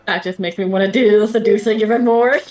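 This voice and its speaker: A woman's voice: medium pitch, steady tone, quick pace, darkish tone, reverberant, soft background music. A woman playing a tabletop game, giggling and mischievous as she describes her character's actions. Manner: giggly, mischievous, laughs through her lines. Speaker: player.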